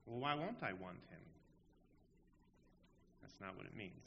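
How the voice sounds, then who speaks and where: A man's voice: lowish voice, sing-song, unhurried, background noise. A man preaching a sermon in an earnest, emphatic way, asking rhetorical questions. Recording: dull audio in a long-reverb hall.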